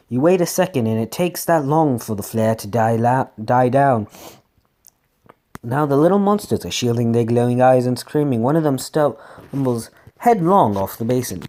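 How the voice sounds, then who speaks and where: A man's voice: medium pitch, animated, normal speed, darkish tone. A man reading a text adventure aloud, often tripping over words and correcting himself, with joking asides. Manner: stumbling reading, frequent self-corrections. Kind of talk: casual read-aloud gameplay with asides.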